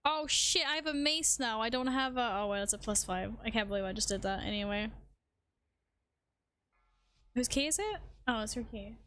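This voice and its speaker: Chatty woman streamer, slightly high voice. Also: a bit bright, clean tone. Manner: chatty, humming and singing little tunes between remarks; talks to chat and her cat, quick self-deprecating asides. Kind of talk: casual live-stream chat while gaming.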